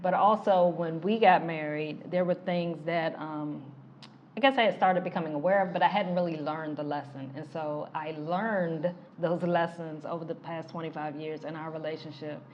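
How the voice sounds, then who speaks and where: A middle-aged woman with a lowish voice co-hosts a casual talk show, speaking in a measured, reflective way. The recording sounds dull and slightly muffled, with faint noise underneath. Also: steady tone. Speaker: relationship coach and podcast co-host.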